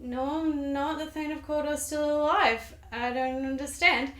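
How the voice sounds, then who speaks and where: A woman putting on high, giddy prophesying witches. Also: fairly even intonation, a little slow, a bit bright, echoey room. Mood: teasing. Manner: breezy, slangy, teasing.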